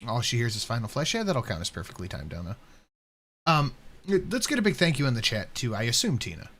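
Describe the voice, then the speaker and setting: A man co-hosting a casual reaction stream, jokey and animated, thanking viewers as he goes. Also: mid-range voice, brisk. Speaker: livestream co-host.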